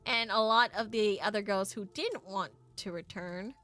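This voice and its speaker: A woman's voice: mid-range voice, normal speed, sharp tone, soft background music, natural voice. A woman putting on a rambling builder man. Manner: rambling, flustered dialect storytelling. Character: bumbling middle-aged male ghost-raising builder. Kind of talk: voicing game dialogue for stream.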